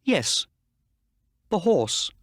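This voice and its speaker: A man doing a calm clever detective. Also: sits high, very slow, breathy edge, no echo, clean studio sound, pitched above the performer's own voice, exaggerated voice. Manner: calm, explaining patiently. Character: calm clever male detective, middle-aged.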